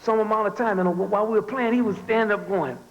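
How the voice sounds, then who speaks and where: A man's voice: high-pitched, fast talker. A man from New Orleans giving a commencement speech as a story, who sings out drum and horn sounds along the way. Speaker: commencement speaker. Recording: muffled lo-fi speech recording.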